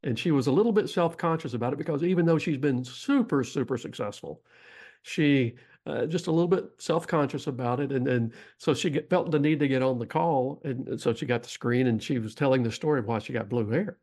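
A man's voice: medium pitch, a little fast, a little mellow. A middle-aged man with a Texas accent, a podcast guest telling long, folksy stories in a rambling way. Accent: Texan. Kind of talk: storytelling interview.

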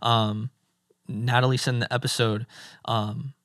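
A man guesting on a podcast, talking earnestly in casual chat, building his point slowly with repeats and fillers. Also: mid-range voice, flat delivery, a bit bright, no room sound, studio quality.

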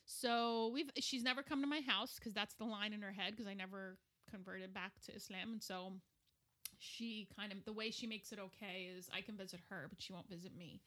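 Bright-voiced middle-aged woman telling a story. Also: mid-range voice, normal speed. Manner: animated, acts out quoted voices. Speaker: guest. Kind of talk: candid personal storytelling.

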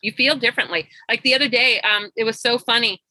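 Bright-voiced woman health coach. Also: fairly high pitch, fast, no room sound, rough recording. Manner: animated, acts out both sides of conversations. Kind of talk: storytelling interview guest.

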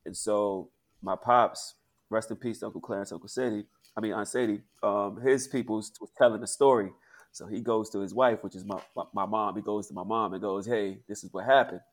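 A man's voice: on the low side, steady tone, a little fast. A man chatting casually on a podcast, telling a family story in colloquial speech and laughing through punchlines. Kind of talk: casual chat.

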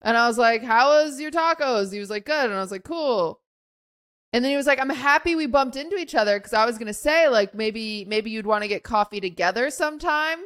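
Young woman, podcast co-host, fairly high voice, animated storyteller, casual chat. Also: a little fast. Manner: animated storyteller acting out quotes, many fillers.

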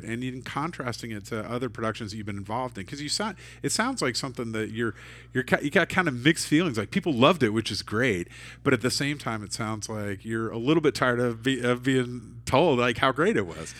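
A man's voice: medium pitch, expressive, normal speed, fairly bright tone, dry recording. A man hosting a casual interview, talking in rambling sentences full of fillers and restarts. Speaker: podcast host.

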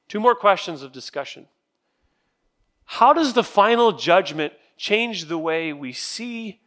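A man's voice: sits high, fairly bright tone. A man teaching a casual sermon-style Bible study, reading scripture dramatically and asking the group questions. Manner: conversational, asks the group questions. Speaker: pastor.

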